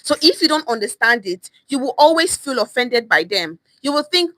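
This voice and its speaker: A Nigerian woman teaches pidgin phrases on a casual livestream. Her voice is bright and forceful, pitched a little high, and she drives points home by repeating them. The sound is dry, close to a phone or webcam mic. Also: very animated, moderate pace, hardly any pauses, no echo, rough recording. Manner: emphatic, repeats phrases, acts out reactions. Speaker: online language teacher. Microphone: phone or webcam on a live stream.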